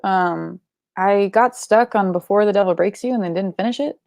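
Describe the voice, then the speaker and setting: A young woman chats her way through a live book club stream, rambling and drowsy, yawning between thoughts. Her voice sits in the middle range with a gravelly fry. The sound is dry and close, with no room echo. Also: mid-range voice, moderate pace, darkish tone. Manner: chatty, rambling, swears casually, yawning and sleepy. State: sleepy. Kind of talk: casual live-stream chat.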